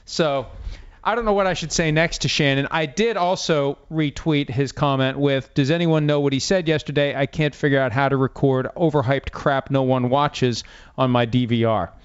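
Wry, smooth-voiced male sports host. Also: medium pitch, fairly even intonation, normal speed. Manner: wry, self-deprecating, rambling. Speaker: podcast host. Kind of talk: casual sports chat. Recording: dull, slightly lo-fi sound.

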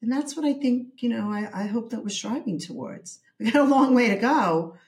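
A woman therapist and author being interviewed, explaining her ideas in a measured way with some hesitations. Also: on the high side, a little mellow. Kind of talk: interview conversation.

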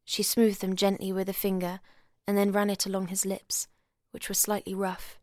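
Female reader, literary novel narration, measured and soft, mid pitch, dry booth sound. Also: completely flat delivery, no echo. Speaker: audiobook reader. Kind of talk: reading a novel aloud.

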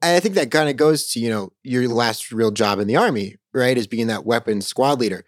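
A man's voice: mid-range voice, a little fast, no room sound. Podcast host guy, former officer, laid-back rambling questions, mid voice, dry close sound. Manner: easygoing, asks rambling questions full of fillers. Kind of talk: casual interview chat.

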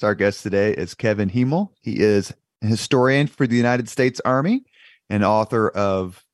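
A man's voice: lowish voice, normal speed, no room sound, studio quality. A man in his fifties hosting a podcast interview, asking questions and adding personal asides. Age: 50s. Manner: conversational questioner who adds personal asides. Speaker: podcast host.

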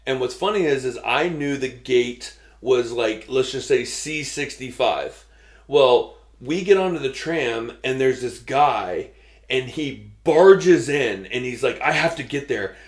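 A man in casual chat, telling a lively travel story and quoting people along the way. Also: mid-range voice, slow pace. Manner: animated storyteller, quotes people. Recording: roomy echo.

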